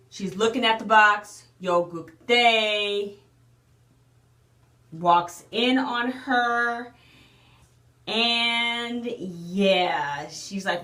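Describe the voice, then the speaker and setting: A woman's voice: medium pitch, sharp tone, roomy sound. A woman casually recapping a drama episode, chatty and emotional with lots of fillers and restarts. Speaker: drama reviewer.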